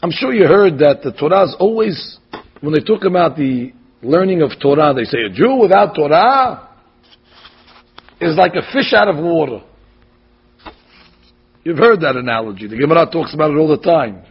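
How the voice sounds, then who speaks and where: A man giving an animated sermon as a rabbi, telling stories and acting out the quotes. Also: a little high, normal speed, pauses often, husky, muffled recording. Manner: animated storytelling, acts out quotes.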